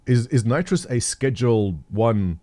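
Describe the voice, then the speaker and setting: A man's voice: medium pitch, expressive, a little slow, warm tone. A middle-aged man hosting a live stream, chatting casually and jokily with viewers, thinking aloud and reading the chat. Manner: rambling, jokey, thinks aloud, reads chat. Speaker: livestream host.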